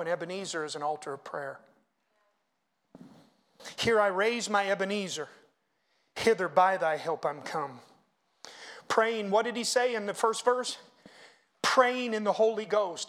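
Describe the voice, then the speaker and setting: A middle-aged male pastor delivers a sermon in a church, shifting between hushed asides and loud, chanted hymn lines. His voice is high-pitched, he speaks at a normal speed, and he leaves long pauses.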